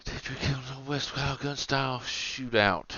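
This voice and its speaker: A man from the Southern United States with a Southern American accent co-hosts a casual comedy podcast, rambling through stories and acting out the characters with big voices. His mid-range voice is unhurried, pushed and bright, with no room sound and dull audio.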